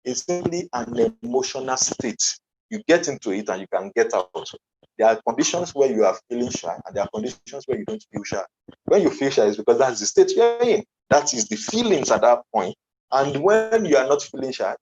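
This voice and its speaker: A man's voice: medium pitch, sing-song, a little fast, a little mellow, a little hiss or hum. A man with a Nigerian accent giving an earnest motivational conference talk as a coach, emphatic and repeating his key phrases. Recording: dull lo-fi online conference audio.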